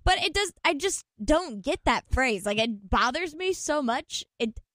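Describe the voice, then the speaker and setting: A woman co-hosting a casual morning radio show in a studio, animated and chatty. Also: high-pitched, a little slow, no echo. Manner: animated, chatty, laughs often.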